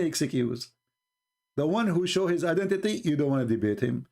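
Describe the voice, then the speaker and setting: A man whose first language is not English, giving a mocking, sarcastic monologue that jumps into high voices when he quotes people. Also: moderate pace, vocal fry. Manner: sarcastic, mocking, animated retelling with bursts of laughter. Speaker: religious commentator.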